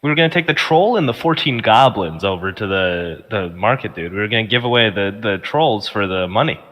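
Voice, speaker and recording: A man's voice: on the low side, lively intonation, fairly quick, fairly bright tone, long reverb tail. A man playing a tabletop game, speaking hesitantly with many fillers as his character. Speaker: player. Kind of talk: casual chat in character.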